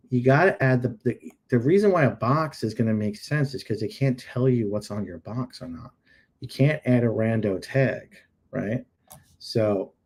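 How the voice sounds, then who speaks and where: In a slightly mellow, mid-range voice with a bit of roughness, a man hosts a live show, casually critiquing on-screen product listings, throwing in joking asides and repeating himself for emphasis.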